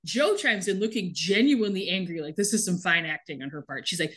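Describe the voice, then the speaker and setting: A woman's voice: on the low side, lively intonation, fairly quick, hardly any pauses, fairly bright tone. A woman co-hosting a podcast, animatedly retelling a TV episode in casual chat and laughing often. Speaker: podcast co-host recapping a TV show.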